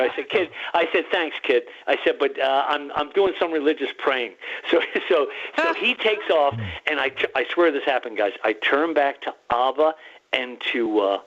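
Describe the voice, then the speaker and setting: A man telling an excited, rambling story on a radio talk show, restarting often and quoting himself and others. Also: mid-range voice, moderate pace. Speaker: guest researcher. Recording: muffled phone-line call-in.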